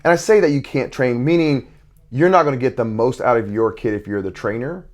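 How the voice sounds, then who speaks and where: A man's voice: mid-range voice, a little fast. A man talking as a podcast guest about being a father and youth coach, earnest and reflective, often restarting his sentences. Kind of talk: podcast conversation.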